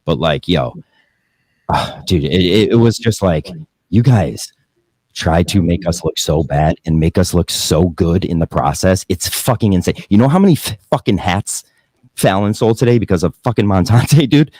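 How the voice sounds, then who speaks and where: A young man hosts a podcast in casual chat, rambling and cursing freely, breaking into laughter often. His voice sits extremely low, and the recording is dry and close, with no room around it. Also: moderate pace, a little mellow, dry recording. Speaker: podcast host.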